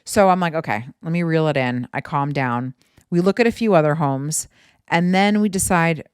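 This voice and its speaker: A woman's voice: deep voice, moderate pace, clear, resonant tone, dry recording, studio quality. A woman in her thirties hosting a podcast, chatting at home in a rambling, casual storytelling way full of asides. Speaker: podcast host.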